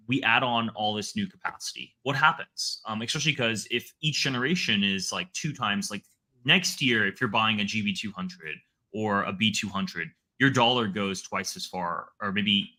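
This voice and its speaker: Guy on a podcast interview, lowish voice but bright tone, keeps restarting his sentences. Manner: rambling, many restarts and fillers. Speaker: semiconductor analyst guest. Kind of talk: casual interview talk.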